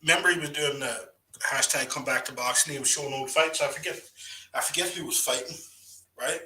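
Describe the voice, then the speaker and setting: A man's voice: medium pitch, fairly quick, bright, forceful tone. A man telling stories in casual chat, rambling and padding his talk with "you know" and "right". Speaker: guest storyteller on a live voice chat. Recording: roomy sound from a distant mic.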